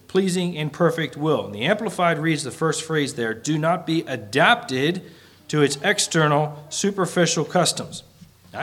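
A man preaching in an earnest, fairly high voice. He reads scripture in measured phrases and climbs in pitch and volume when he drives a point home. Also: fairly bright tone. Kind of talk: sermon.

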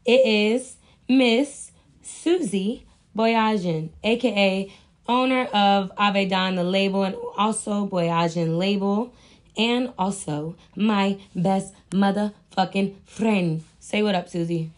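A woman's voice: medium pitch, slow pace. A woman hosting a casual podcast, brash and hyped, cursing freely as she talks. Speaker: podcast host.

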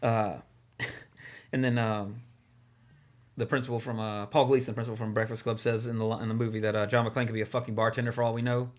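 Enthusiastic rambling podcast host. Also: male voice, mid-range voice, flat delivery, fairly quick. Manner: enthusiastic, rambling with many fillers. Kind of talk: casual movie podcast chat.

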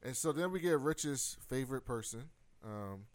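A man hosting a casual podcast chat, retelling a TV episode with animated storytelling and frequent laughter. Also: medium pitch, normal speed.

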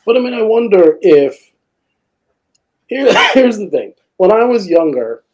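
A man's voice: sits high, big pitch swings, a little slow, a little mellow, low-quality recording. A man in casual podcast conversation, talking earnestly and profanely, rambling with lots of "like".

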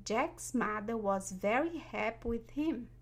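A woman narrating a children's fairy tale in a slow, carefully paced storybook reading. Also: a little high, animated.

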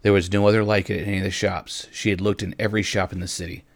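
A man with a fairly low voice reads a story aloud, gentle and unhurried. At times he turns to his listeners directly. The sound is close and dry, with no room around it. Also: flat delivery, creaky, dry recording. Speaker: reader. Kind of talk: storytelling narration.

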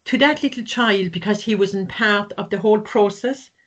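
A woman, a grief counsellor recounting a case in an interview, earnest and gentle. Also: medium pitch, normal speed. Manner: earnest, gentle, acts out quoted voices. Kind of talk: storytelling in an interview. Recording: slightly dull, lo-fi sound.

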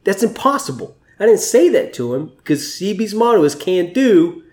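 A man's voice: high-pitched, lively intonation, moderate pace, warm tone. A man, a Navy chief, telling personal stories as an interview guest in a candid, emotional way, swearing freely. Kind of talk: conversational storytelling. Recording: roomy echo.

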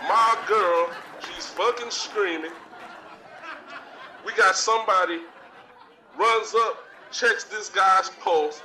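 A man's voice: high-pitched, takes it slowly, pauses often, bright, forceful tone, heavily acted. A man playing a brash, cocky talk-show star who rants profanely, in a live comedic stage bit. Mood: swaggering rant. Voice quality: profane, swaggering delivery. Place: theater stage. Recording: distant live recording with crowd noise.

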